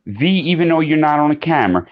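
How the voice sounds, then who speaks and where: A man calling in to a live chat show, talking earnestly and emphatically, getting loud at times. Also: on the high side, expressive, fast talker, highs cut off. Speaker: caller. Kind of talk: casual call-in chat.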